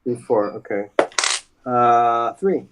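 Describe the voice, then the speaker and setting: A man at mid pitch, chatting casually as a tabletop game player. He thinks out loud and hesitates often, with plenty of filler. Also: steady tone, takes it slowly, very noisy. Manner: hesitant, thinks aloud while rolling dice.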